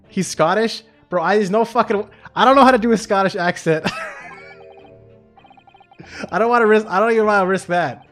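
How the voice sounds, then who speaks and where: Man, let's play host, casual commentary, joking asides, fairly high voice. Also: normal speed, long pauses, a bit bright, faint music behind. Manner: laughing, joking asides between dialogue.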